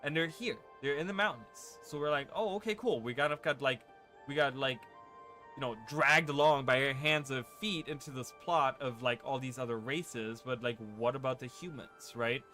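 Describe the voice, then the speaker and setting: A man of middle pitch chats through a game playthrough in a loose, rambling way, peppering his talk with fillers and quick "right?" asides. He speaks into a desk microphone, and game music runs clearly underneath the whole time. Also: sharp tone. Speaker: gaming channel host. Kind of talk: casual let's-play commentary.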